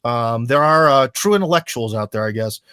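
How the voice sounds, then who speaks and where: A man's voice: mid-range voice, lively intonation, a little fast, pushed and bright, clean tone, dry recording, clean studio sound. An American man, a podcast guest, talking casually in a rambling, self-deprecating way with many fillers. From United States. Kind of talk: casual chat.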